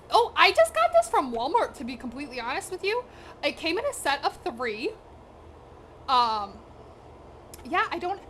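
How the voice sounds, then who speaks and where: A woman's voice: fairly high pitch, fairly bright tone, slight background noise. A young woman chatting casually with her live-stream viewers while she cooks, slangy, direct and a little out of breath. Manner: chatty, slangy, talks straight to her chat. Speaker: cooking streamer. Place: home kitchen.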